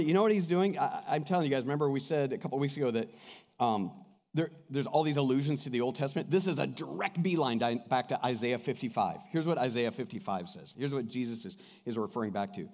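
A man preaching a sermon as pastor, passionate, swinging between loud calls and hushed asides. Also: medium pitch, expressive, fast talker. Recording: long hall reverb.

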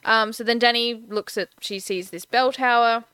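A woman co-hosting a casual film recap podcast, walking through the plot with a few ums and the odd swear. Her voice is bright and crisp, a little higher than average, and recorded dry and close. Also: fairly even intonation, normal speed, dry recording. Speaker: podcast co-host.

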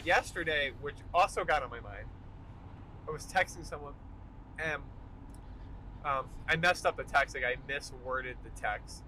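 A young man hosting a solo podcast from his car during a commute, ranting in an animated, emphatic way. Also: medium pitch, a little slow, long pauses, soft background music, poor audio. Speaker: podcast host. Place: in a car while driving. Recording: faint car noise behind. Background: car road noise.

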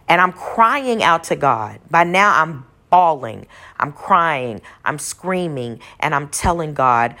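A woman's voice: low voice, lively intonation, slow pace, pushed and bright. A woman from Texas telling a personal faith testimony in an earnest storytelling way, retracing details aloud as she goes. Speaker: speaker sharing a testimony.

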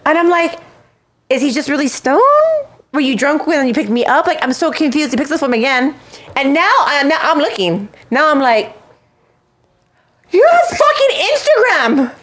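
A woman hosting a casual chat show, telling a story in an animated way, acting out quotes and swearing. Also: sits high, moderate pace. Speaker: show host.

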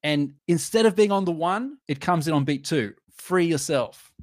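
A man's voice: fairly high pitch, lively intonation, moderate pace, dry recording, clean studio sound. A man co-hosting a casual music review podcast, enthusiastic, humming and singing bits of songs as he talks. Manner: enthusiastic, sings and hums musical lines. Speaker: podcast co-host.

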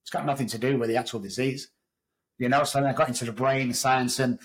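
A man's voice: medium pitch, fairly even intonation, quick pace, low-quality recording. A middle-aged man with an English accent, a podcast guest telling his story in a candid, raw way, swearing freely. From England. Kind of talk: storytelling interview.

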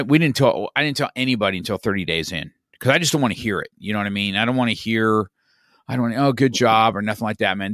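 Low-voiced man telling a rambling story. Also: fairly bright tone, no room sound, studio quality. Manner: rambling, many restarts and "you know, man". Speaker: podcast guest. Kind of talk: casual conversational storytelling.

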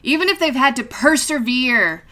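A woman speaking earnestly in a casual group chat, pausing often with fillers. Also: high voice, sing-song, sharp tone.

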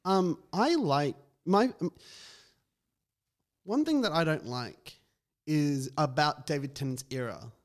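A fairly high-voiced man co-hosting a casual fan podcast. He gives opinions freely, hedging with ums and restarts as he goes. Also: animated, takes it slowly. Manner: opinionated, hesitant with many fillers. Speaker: podcast co-host.

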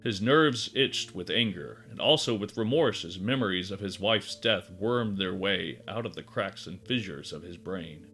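A man narrating a dark story in a measured, expressive way. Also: deep voice, soft background music. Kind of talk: dramatic audiobook narration.

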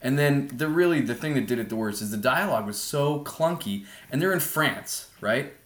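A man chatting as a podcast guest about films, ranting in an animated, opinionated way into a laptop mic. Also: mid-range voice, normal speed, reverberant. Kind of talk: casual film chat. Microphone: laptop built-in mic.

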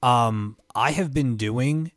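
A man's voice: mid-range voice, slow, no room sound. Rambling male podcast co-host, dry sound. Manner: rambling, many fillers like "like" and "um". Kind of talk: casual chat about video games.

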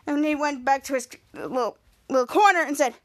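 High-voiced woman rambling through a recap. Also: brisk. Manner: rambling, with frequent restarts and "cut to". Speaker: podcast host. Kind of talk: casual episode recap.

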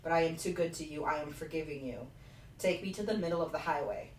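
A woman's voice: sits low, quick pace, a little mellow, natural voice. A woman voicing a demanding magical bird that gives haughty orders, told in a casual retelling tone. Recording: roomy, distant mic with faint noise.

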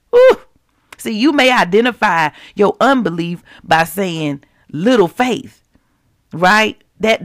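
Woman podcast preacher, gravelly, mid-pitched, casual heartfelt teaching, dry close recording. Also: no echo. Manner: conversational, preachy, keeps it real with listeners; repeats scripture slowly for emphasis.

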